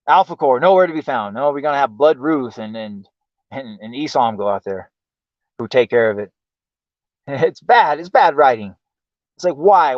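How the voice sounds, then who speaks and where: Swearing exasperated guy ranting on his stream, kinda high voice, dry dull lo-fi audio. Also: no room sound. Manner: profane, exasperated, repeatedly asking why. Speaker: livestream host. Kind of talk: ranting commentary. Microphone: home streaming mic.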